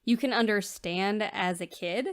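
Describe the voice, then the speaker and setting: A woman's voice: medium pitch, a little slow. A woman co-hosting a podcast, chatting casually about a film and countering points with dry, wry rebuttals. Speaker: podcast co-host. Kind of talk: casual film review chat.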